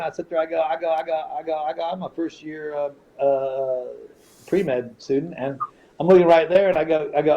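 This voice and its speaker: Profane middle-aged man, animated storyteller. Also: fairly high pitch, moderate pace. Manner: profane, animated, quotes people in his stories. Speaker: podcast guest. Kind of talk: casual storytelling. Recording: slightly dull podcast audio, faint noise.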